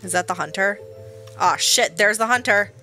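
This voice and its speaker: A woman's voice: medium pitch, moderate pace, bright, forceful tone, faint music behind. A woman streaming a game live, chatting casually and exclaiming nervously as she plays. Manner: nervous, exclaiming while playing.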